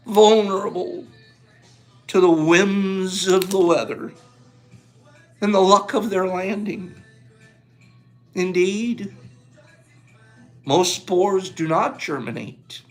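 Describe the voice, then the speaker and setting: A man's voice: high-pitched, drawn-out words, long pauses, faint music behind. A man reading a book aloud and breaking into emotional commentary, getting carried away, laughing often and talking to his listeners. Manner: gushing, gets carried away, near tears. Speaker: book reader.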